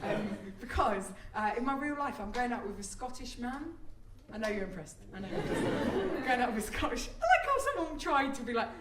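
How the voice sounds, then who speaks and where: A woman's voice: on the high side, animated, brisk, hardly any pauses, a crowd in the background, noisy background. A woman performing live stand-up comedy, chatty and self-mocking. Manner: chatty, self-mocking, bursts into squealing act-outs. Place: theatre stage before a laughing audience. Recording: roomy live theatre recording, mic at a distance, loud audience.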